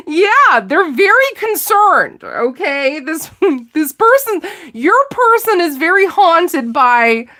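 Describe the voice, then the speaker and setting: A woman's voice: high-pitched, bright, forceful tone. A woman giving a casual live tarot reading, chatty and giggly, exclaiming often as she talks. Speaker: tarot reader.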